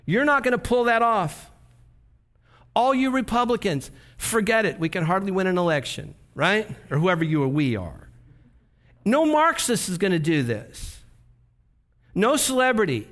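A pastor preaches with a high-pitched voice. He keeps it conversational and folksy and drops rhetorical asides to the congregation. The tone is casual rather than stately. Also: fairly bright tone. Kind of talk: sermon.

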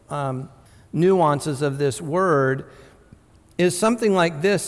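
A man in his fifties preaching a sermon as pastor, in an earnest teaching tone with frequent restarts and asides. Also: fairly high pitch. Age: 50s. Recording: reverberant hall.

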